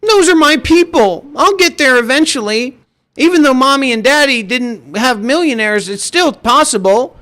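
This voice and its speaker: A man's voice: very high-pitched, animated, normal speed, sharp tone, voice pushed up, full character voice. A man putting on the voice of a whiny, spoiled young man who pities himself for not being rich. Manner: whining, self-pitying.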